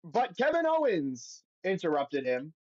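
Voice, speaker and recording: A man's voice: high voice, huge pitch swings, a little slow, darkish tone, dry recording, highs cut off. A man hosting a podcast on his own, reading results aloud and then giving blunt, profane opinions in a casual recap. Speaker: podcast host.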